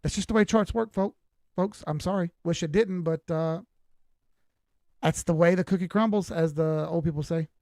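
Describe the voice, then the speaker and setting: Southern-drawling man, high-pitched and blunt. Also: moderate pace, a little mellow, no room sound. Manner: blunt, folksy and emphatic. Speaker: crypto chart analyst. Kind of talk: live-stream chart commentary.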